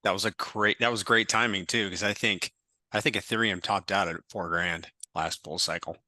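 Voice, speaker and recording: A man's voice: on the low side, fairly even intonation, normal speed, sharp tone, no room sound. A man hosting a podcast, chiming in with short affirmations and follow-ups. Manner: brief affirming interjections. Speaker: podcast host. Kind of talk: interview backchannel.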